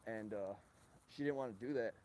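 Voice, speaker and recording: A man's voice: lowish voice, moderate pace, a little mellow. A man hosting a livestream outdoors at a golf course, rambling and ranting with plenty of profanity. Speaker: livestream host. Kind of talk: rambling live-stream monologue.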